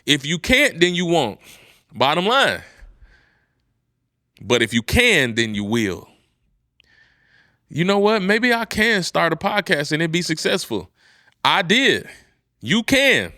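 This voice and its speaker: Fired-up motivational man, bright and intense. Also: big pitch swings, slow pace, pauses often, dry recording, clean studio sound. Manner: preachy, swings from low and quiet to loud and high. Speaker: podcast host. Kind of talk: motivational podcast talk.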